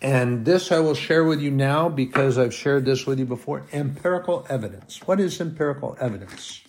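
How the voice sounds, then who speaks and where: A man's voice: medium pitch, moderate pace. A man preaching a sermon at home, reading scripture aloud and asking emphatic rhetorical questions. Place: at home with his dogs.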